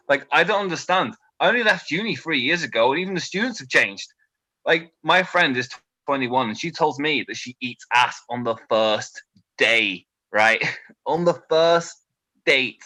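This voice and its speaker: A British man in his twenties doing a stand-up set, delivering deadpan one-liners with nervous asides to a quiet crowd. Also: fairly high pitch, normal speed, no room sound, low-quality recording. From Britain. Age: 20s. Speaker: stand-up comedian.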